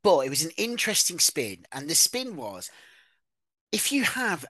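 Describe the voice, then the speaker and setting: Lively podcast talker. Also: mid-range voice, normal speed, no echo. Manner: animated, swearing, gossipy storytelling. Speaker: podcast co-host. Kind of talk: casual chat.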